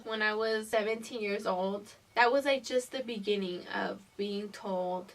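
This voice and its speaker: A woman's voice: mid-range voice, fairly even intonation, a little slow, hardly any pauses, recorded from a distance. A young woman in her twenties, a vlogger telling a personal story in a casual, profane way and laughing through it.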